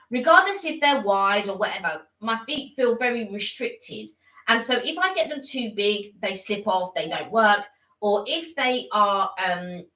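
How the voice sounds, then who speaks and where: A woman's voice: fairly high pitch, recorded from a distance. A woman co-hosting a live stream in casual, chatty talk. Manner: chatty, animated, teasing. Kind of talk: casual chat. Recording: echoey room, a little off mic.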